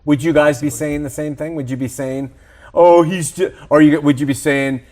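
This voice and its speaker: A man's voice: a little high, flat delivery, a little fast, darkish tone. A man hosting a faith talk show, pressing his co-hosts with provocative rhetorical questions. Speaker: show host.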